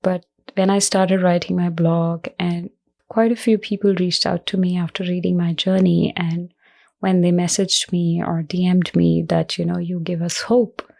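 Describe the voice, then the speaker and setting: A woman speaks in an interview with a flat, even delivery and a gravelly edge to her lowish voice. She is earnest and reflective, often pausing mid-phrase, and her emotion shows as her voice cracks at times. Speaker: guest, cancer survivor. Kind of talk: personal interview talk.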